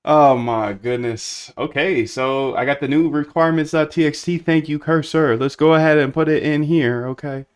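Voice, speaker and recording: A man's voice: on the high side, moderate pace, hardly any pauses, smooth. Chatty man thinking aloud while coding. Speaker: coding streamer. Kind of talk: casual live-coding chat.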